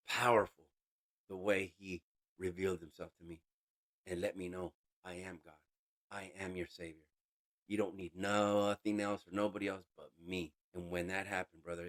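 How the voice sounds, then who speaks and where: A man giving an emotional personal testimony as an interview guest, halting and casual, with street slang. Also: deep voice, fairly bright tone. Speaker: interview guest sharing a recovery story.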